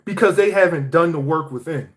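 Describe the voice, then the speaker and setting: Young man, fairly high voice, preachy and profane motivational vlog rant. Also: brisk. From Atlanta, US. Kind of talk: motivational monologue.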